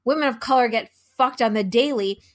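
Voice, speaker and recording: A woman who is a guest on a podcast, speaking frankly and deliberately and swearing freely. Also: fairly high pitch. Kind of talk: casual podcast conversation.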